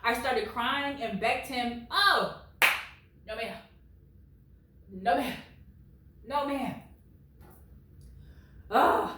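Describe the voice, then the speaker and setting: A woman in her late twenties gives blunt, animated commentary on reddit stories, talking a little high for a woman. She sits well back from the mic in a room that rings with heavy echo. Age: late 20s. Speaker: reddit story reader. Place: at home. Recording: very echoey room, far from mic.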